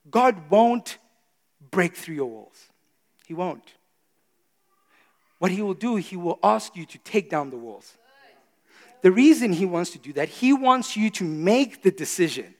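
High-voiced preacher. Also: male voice, long reverb tail. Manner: impassioned, swings between loud emphasis and hushed intensity. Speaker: pastor. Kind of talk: sermon. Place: church service.

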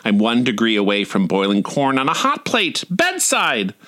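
A storyteller in his forties reads his personal essays aloud with wry, dry comedy. His bright, forceful voice has lively pitch that rises and falls freely, at a moderate pace.

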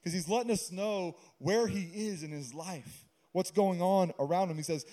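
A man's voice: a little high, a little fast, few pauses, mellow. A man pastor giving a sermon in a conversational way, with humorous asides and stories.

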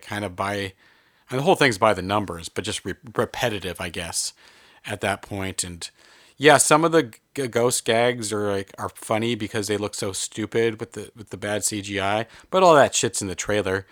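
A man with a fairly low voice talks through a movie review in loose, casual chat. He rambles and restarts, his delivery lively when he warms up. The sound is dry and close, with no room around him. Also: dry recording. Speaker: podcast co-host.

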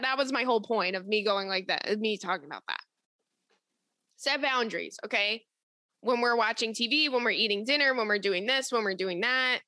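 A young woman hosting an advice show, talking in a blunt, profane, animated way as she tells stories and reads listener letters. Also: fairly high pitch, dry recording, studio quality. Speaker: advice podcast host. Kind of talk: casual advice chat.

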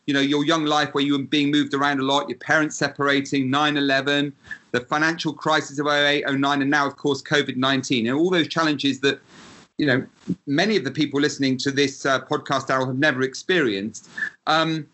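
Bright-voiced male podcast host. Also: medium pitch, flat delivery, brisk. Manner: enthusiastic, long winding questions. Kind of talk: interview questions.

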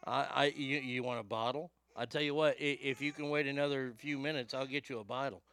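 A man's voice: medium pitch, steady tone, brisk, fairly bright tone, clear, resonant tone. A Southern man hosting casual commentary in a profane, rambling way, stammering often, close to the mic. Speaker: host.

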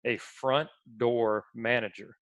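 A man's voice: medium pitch, steady tone, slow, fairly bright tone, no room sound. A man co-hosting a podcast, telling stories in a casual, chatty way, often laughing. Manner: laughing, storytelling. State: under the weather. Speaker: podcast co-host. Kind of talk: casual chat.

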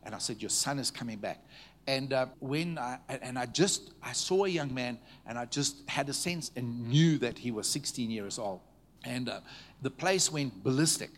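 A man preaching to a congregation, telling stories in a conversational way, checking in with the listeners and dropping to a hushed tone at tender moments. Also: medium pitch, normal speed. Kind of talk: storytelling sermon. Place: church meeting before a live audience.

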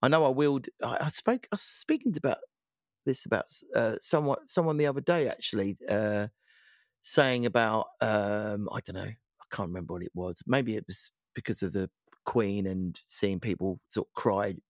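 A man's voice: fairly low pitch, normal speed, dry recording, clean studio sound. A man hosting a casual chat, speaking hesitantly with lots of restarts as he gathers his thoughts.

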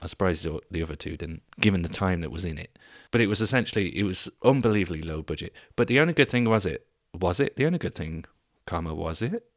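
A young man hosting a podcast, telling stories in a casual, animated, comedic way, swearing and laughing as he goes. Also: low-pitched, fast, dry recording, clean studio sound. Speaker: podcast host.

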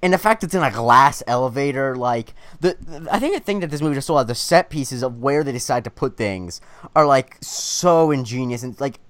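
A man's voice: mid-range voice, animated, fairly quick, clean tone, no echo. A man on a casual movie podcast, talking enthusiastically and rambling with many restarts. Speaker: podcast co-host.

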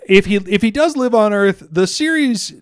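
A man's voice: high-pitched, animated, normal speed, clean tone, no echo, clean studio sound. A young man co-hosting a casual podcast chat, rambling, stumbling over words, laughing and swearing often. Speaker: podcast co-host.

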